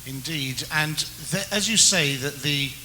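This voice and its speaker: A male interviewer with a fairly high, very bright and sharp voice. He builds long, halting questions full of restarts, over a faint background hiss. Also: poor audio. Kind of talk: conversational interview.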